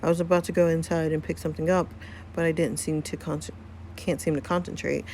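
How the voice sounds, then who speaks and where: A woman's voice: low voice, little pitch movement, fairly quick, warm tone, a little hiss or hum. A woman reading as a doting mother. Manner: gushing, motherly. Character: warm, doting middle-aged mother.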